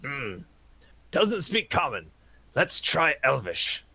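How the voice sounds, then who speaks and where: A man playing in a tabletop game, giving short deadpan replies. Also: medium pitch, slow pace, gravelly, breathy edge. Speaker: player. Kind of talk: casual tabletop play.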